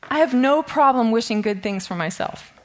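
A woman's voice: fairly high pitch, expressive, normal speed. A middle-aged woman giving a casual, self-deprecating Bible study talk, laughing often and a bit shaky with nerves. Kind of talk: informal teaching talk.

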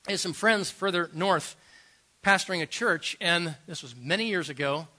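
A middle-aged man, a pastor, preaching a sermon and telling personal stories, swinging between loud emphasis and quiet asides. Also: high voice, moderate pace.

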